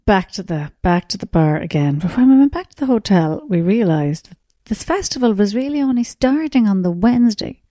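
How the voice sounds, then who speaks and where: A middle-aged Irish woman, a comedian, telling a lively anecdote with swearing and laughter. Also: medium pitch, brisk, no echo, studio quality. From Ireland. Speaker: comedian guest. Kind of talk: storytelling interview.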